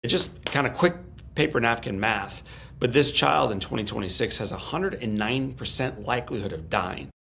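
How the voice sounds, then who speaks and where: Gravelly earnest middle-aged man storyteller. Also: medium pitch, animated, moderate pace, a bit bright, a little hiss or hum. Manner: earnest, repeats words when emphatic. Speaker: podcast guest, speaker. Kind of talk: storytelling in an interview.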